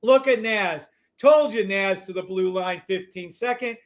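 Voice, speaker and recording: A man hosting a live trading stream, calling trades in an excitable, profane, loud way. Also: high voice, unhurried. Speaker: livestream trading host.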